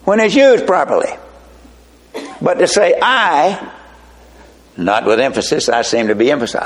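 An older man preaches in a high, swooping voice. He takes his time and leans hard on each phrase. Homespun asides break up the sermon. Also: wildly swooping pitch. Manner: slow, emphatic preaching with folksy asides. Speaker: pastor.

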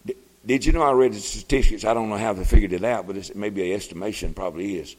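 An older man preaching a sermon, folksy and plain-spoken, his voice swelling up into shouts. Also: on the low side, quick pace, long reverb tail.

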